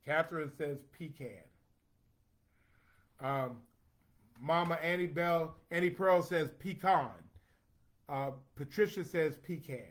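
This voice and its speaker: Man hosting a casual livestream, playful and chatty, slightly high voice, reads comments aloud. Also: takes it slowly, long pauses. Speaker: host reading viewer comments.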